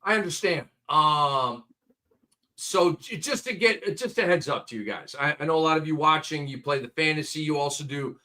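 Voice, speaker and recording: Man, sports show host, talkative, emphatic, forceful bright voice, slightly high. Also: animated, moderate pace. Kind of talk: casual sports betting chat.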